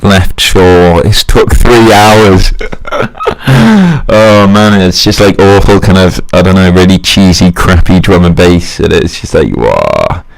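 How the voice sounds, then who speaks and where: A young Englishman talks alone in a loose, meandering monologue. His voice sits very low, with a gravelly, fry-laden edge. He drifts between random facts and jabs at himself, chuckling at his own asides. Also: little pitch movement, measured pace. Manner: rambling, self-mocking, chuckles at own jokes. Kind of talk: rambling casual monologue.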